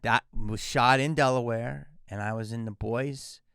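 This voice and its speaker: Gravelly man in his fifties telling stories. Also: mid-range voice, measured pace, no room sound, clean studio sound. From Philadelphia area, USA. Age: 50s. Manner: animated, acts out quoted dialogue. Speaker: guest actor. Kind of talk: casual podcast storytelling.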